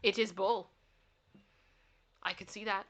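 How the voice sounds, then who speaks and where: This livestream host is a woman whose mid-range voice stays steady, slow and slightly bright. Giggling playfully and laughing a lot, she reads funny signs aloud and chats back to her viewers in a casual stream.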